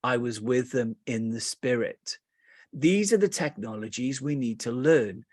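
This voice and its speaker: A man with a British accent teaching meditation, telling lively stories with playful asides, then slowing and softening into calm guidance. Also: medium pitch, no room sound, studio quality.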